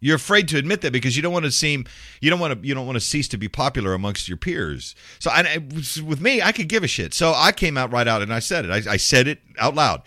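A man's voice: mid-range voice, animated, fast talker, sharp tone, no room sound, studio quality. A middle-aged man from Memphis, a radio host ranting bluntly and profanely in casual talk. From Memphis, Tennessee. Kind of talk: casual rant.

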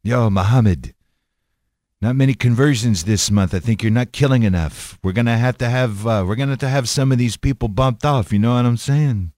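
A man voicing God as a gruff mafia boss, speaking with casual mobster menace. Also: medium pitch, brisk, darkish tone, no room sound, clean studio sound, natural voice. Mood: menacing.

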